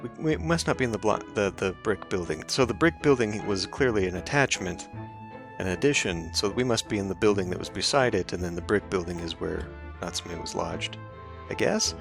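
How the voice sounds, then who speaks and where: A man's voice: deep voice, expressive, brisk, gravelly, music in the background. A man hosting a let's play, voicing game characters and making casual, wry commentary. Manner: wry, laughing asides.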